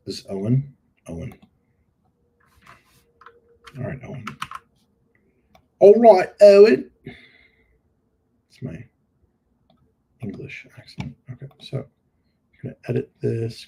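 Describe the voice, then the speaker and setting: This middle-aged host has a lowish, gravelly, warm voice, with a bit of background noise behind him. He reviews product listings live on a shared screen, joking and musing aloud as he edits images.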